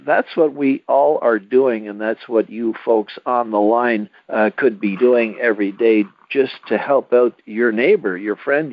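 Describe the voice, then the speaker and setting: A man's voice: mid-range voice, dry recording. Earnest male radio host, tinny sound. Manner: earnest, persuasive, halting. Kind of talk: radio talk show pitch.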